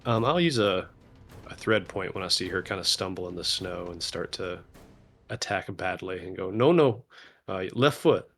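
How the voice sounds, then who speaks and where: A man's voice: low voice, normal speed, gravelly, soft background music. A man playing a tabletop game, talking casually and playfully as he calls his moves. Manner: playful, animated when quoting his character.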